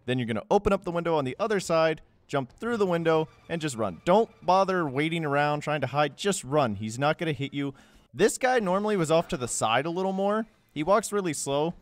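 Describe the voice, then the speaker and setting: A man's voice: fairly high pitch, animated, fairly quick. A young man giving a casual, joking game walkthrough voice-over, rambling with sarcastic asides. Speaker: gameplay guide narrator.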